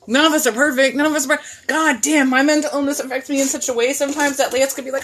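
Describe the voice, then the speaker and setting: A woman in her thirties talks straight into her phone on a live stream, blunt, profane and fired up. Her voice sits high and rings bright. She rants with passion and holds nothing back. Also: racing, few pauses, slight background noise. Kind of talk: casual live chat.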